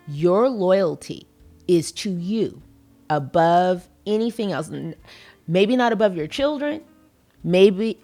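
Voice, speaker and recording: A woman's voice: fairly low pitch, darkish tone. A woman hosting her own podcast, talking to listeners in a playful, emphatic way and acting out little conversations. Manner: emphatic, playful, acts out dialogue. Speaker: podcast host. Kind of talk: casual solo podcast talk.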